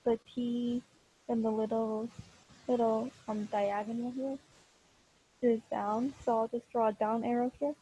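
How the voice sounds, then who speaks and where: A woman's voice: on the high side, little pitch movement, unhurried, dark tone, husky, low-quality recording. A woman teaching a language class online over a video call, patient and encouraging, with many fillers. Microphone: computer mic on a video call.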